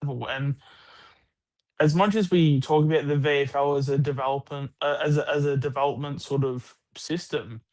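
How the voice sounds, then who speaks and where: A man's voice: on the high side, steady tone, moderate pace, darkish tone. An Australian man chatting casually about sport on a live stream, rambling with lots of restarts and the odd swear word.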